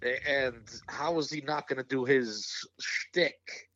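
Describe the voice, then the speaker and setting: A man's voice: medium pitch, steady tone, slow, sharp tone, dry recording, muffled recording. A man co-hosting a casual wrestling chat, laid-back and teasing. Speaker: podcast co-host.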